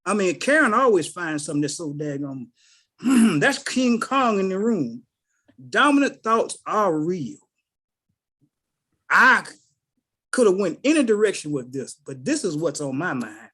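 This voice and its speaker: Middle-aged man, lively swooping pitch, animated storyteller on a group call. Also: a little slow. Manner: animated storyteller who acts out quoted voices. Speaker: call participant. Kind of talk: casual spoken testimony.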